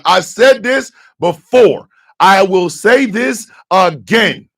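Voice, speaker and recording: A man from the United States hosting a radio morning show, giving fiery, profane commentary that bursts into shouting. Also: high-pitched, animated, slow pace, creaky.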